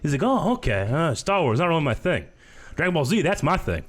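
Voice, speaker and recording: A man in his thirties, a podcast co-host, telling stories in casual chat and lively voicing other people's lines. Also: fairly quick. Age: 30s. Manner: animated storyteller, does high-pitched voices in quoted speech.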